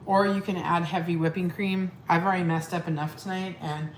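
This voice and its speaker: With a lowish, fairly even voice at a fairly quick pace, a woman hosts a live cooking stream as a weight-loss coach. She talks directly to her viewers in a chatty, scattered way from a home kitchen full of pets and family, recorded in an echoey room with clear background noise.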